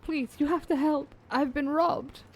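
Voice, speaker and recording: A woman voicing a frail elderly nursemaid, pleading for help in a higher, softer voice. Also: steady tone, unhurried.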